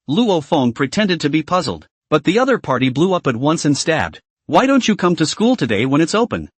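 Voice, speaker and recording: A man reading a comic story recap, his voice sitting a little high and swinging up and down with lively intonation. He keeps the same narrating voice for every character. The recording is close and dry, with no room sound. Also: normal speed, hardly any pauses, slightly rough, no room sound. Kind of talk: scripted narration.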